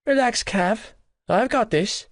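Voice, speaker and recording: A man's voice: high-pitched, slow, no echo, clean studio sound, voice pushed up. A man voicing a teasing, dramatic teenage schoolboy best friend in an audiobook. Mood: cocky. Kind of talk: audiobook character voice.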